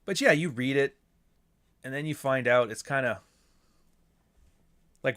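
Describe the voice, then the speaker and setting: A man's voice: mid-range voice, unhurried, pauses often, fairly bright tone. A man hosting a podcast alone, rambling casually and swearing, with mocking asides. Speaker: podcast host. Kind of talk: casual solo monologue.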